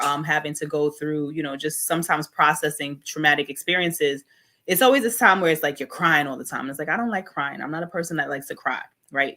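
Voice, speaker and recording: A woman talks casually as an interview guest. Her voice is bright and forward, and she speaks animatedly, slipping into acted-out quotes and laughter. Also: sits low. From Brooklyn, New York. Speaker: guest speaker, holistic healer.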